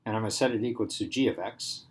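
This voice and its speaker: Male math teacher, relaxed classroom lecture, thinks aloud and checks in with students often. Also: lowish voice, fast, slightly rough. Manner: casual, thinks aloud, asks the class questions.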